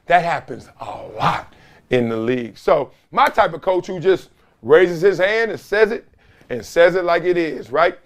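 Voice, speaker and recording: A man with a high-pitched voice hosts a sports talk show. He tells stories in a loose, slangy way and keeps the commentary animated. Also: normal speed. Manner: animated, slangy storytelling with laughs.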